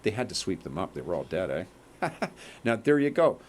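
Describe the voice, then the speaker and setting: A man talks straight to his viewers in a long, rambling monologue. He is emphatic, keeps tossing in "okay?" and "eh?", and his pitch swings up and down with animation. A faint hum of noise sits behind him. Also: big pitch swings, normal speed. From Canada.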